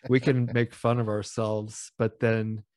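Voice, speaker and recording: A man's voice: fairly low pitch, level tone, measured pace, a little mellow, no echo, clean studio sound. A man in casual chat, rambling with restarts and getting heated, swearing.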